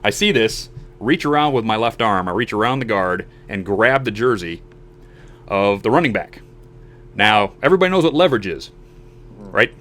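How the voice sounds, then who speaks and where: A man's voice: fairly low pitch, normal speed. A man in his forties hosting a podcast and telling a long personal story casually, acting out the voices of the people in it. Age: 40s. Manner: animated storyteller who acts out quoted voices. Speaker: show host.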